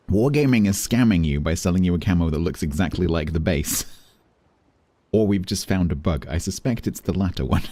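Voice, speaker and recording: A man's voice: sits low, dark tone. A man streaming a naval war game, chatting casually and thinking aloud as he plays. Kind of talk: casual live-stream commentary.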